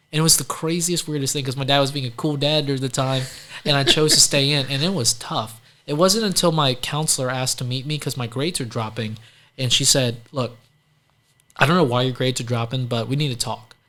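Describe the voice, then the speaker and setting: A man from Louisiana, a guest entrepreneur, tells stories casually and chattily in a casual storytelling interview. His medium-pitched voice is bright and forceful; he fills his talk with "like" and acts out the people he quotes.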